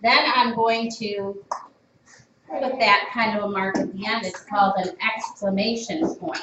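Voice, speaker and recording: A woman teaching a classroom phonics lesson, drawing out sounds and giving clear prompts to the class. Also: mid-range voice, fairly even intonation, a little slow. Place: school classroom. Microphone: distant camera mic. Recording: echoey classroom, distant, dull, noisy. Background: classroom noise.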